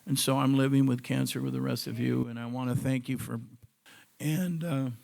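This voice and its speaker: Gravelly man telling his story. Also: medium pitch, fairly even intonation, normal speed, a little mellow. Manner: conversational, digressive storytelling. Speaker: cancer survivor giving a testimonial. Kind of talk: personal testimonial talk to an audience. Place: in front of a live audience.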